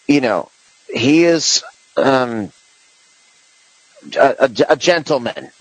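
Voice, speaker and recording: A man's voice: medium pitch, expressive, takes it slowly, no echo, rough recording. A man hosting a podcast in casual political chat, rambling with many restarts and fillers. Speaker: podcast host.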